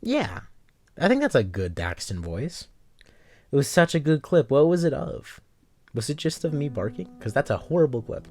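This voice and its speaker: A young man live-streaming a game, bantering loosely with his chat and cursing offhand. His pitch bounces around a lot as he jokes. Soft guitar music plays faintly behind him. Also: very animated, moderate pace, dry recording. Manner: joking, swears casually, banters with chat. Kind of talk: casual live-stream chat while playing a story game.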